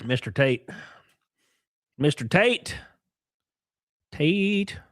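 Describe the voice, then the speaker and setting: A man hosting a live stream, chatting casually and joking loudly with viewers while sick and sniffly. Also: fairly high pitch, expressive, extremely slow, no room sound, clean studio sound. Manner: rowdy, jokey, loud exclamations and laughs. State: sick and sniffly, stuffed nose.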